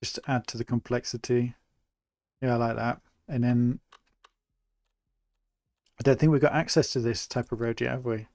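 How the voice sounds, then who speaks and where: A young man from England talks through a live city-building stream in a relaxed, chatty way, thinking aloud as he builds. His voice sits at a middling pitch with a gravelly, fried edge. The sound is dry and close, with no room around it. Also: normal speed, pauses often, no echo. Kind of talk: live gameplay commentary.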